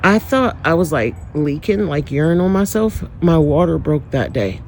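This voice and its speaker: A woman's voice: sits low, lively intonation, normal speed, a little mellow, slight background noise, low-quality recording. A woman talking straight to her viewers in a candid, emotional personal vlog, moving into an uplifting, preacherly tone. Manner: candid, emotional storytelling, talks directly to viewers; preacherly, uplifting toward the end. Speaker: vlogger.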